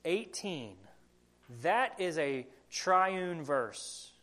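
A man's voice: fairly high pitch, a little slow, fairly bright tone. A young adult man with a country accent preaching a sermon as pastor, earnest and asking the congregation questions. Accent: American Southern country.

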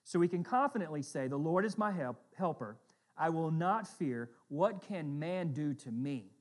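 A middle-aged man delivers a sermon as pastor. His voice sits high, and his preaching is earnest and conversational, with frequent pauses to check in with the listeners. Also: animated.

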